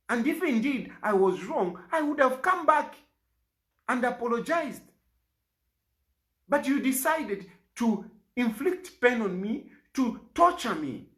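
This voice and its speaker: A middle-aged man with a Zambian accent, giving an impassioned, pleading public statement. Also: fairly bright tone. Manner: pleading, rises and falls sharply in pitch. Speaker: opposition party leader.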